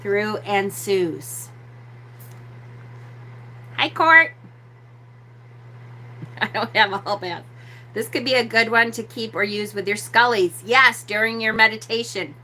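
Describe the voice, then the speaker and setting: Woman host, live-stream teacher; slow deliberate delivery, bright tone, repeats herself. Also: a little high. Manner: slow, drawn-out, repeats key words. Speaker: host of a witchcraft channel.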